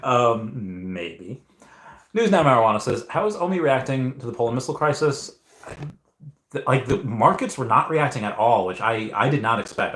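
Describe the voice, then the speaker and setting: A man's voice: medium pitch, lively intonation, normal speed, fairly bright tone. A young man hosting a casual livestream Q&A, reading chat and rambling with frequent restarts and repeated words. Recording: echoey room.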